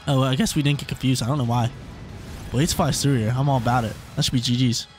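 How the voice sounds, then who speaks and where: A man hosting a gaming channel, chatting excitedly and thinking out loud as he commentates a video game battle, with a scratchy throat. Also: medium pitch, fast, faint music behind. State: coughing, throat irritated.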